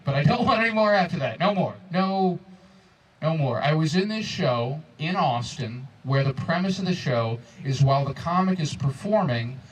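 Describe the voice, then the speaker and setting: A man in his twenties doing a stand-up comedy set, telling stories with exasperated, animated crowd banter. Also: a little high, far from the mic, low-quality recording. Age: 20s. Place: comedy club stage before a crowd. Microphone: handheld stage microphone.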